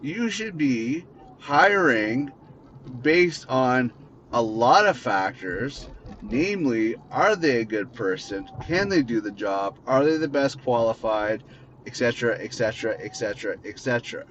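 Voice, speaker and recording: A man's voice: mid-range voice, lively intonation, measured pace, fairly bright tone. A Canadian man hosting a podcast, ranting angrily and swearing a lot in an unscripted monologue while driving. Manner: angry, profane, repetitive ranting. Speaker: podcast host. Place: inside a car, driving. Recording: dull lo-fi with faint car noise.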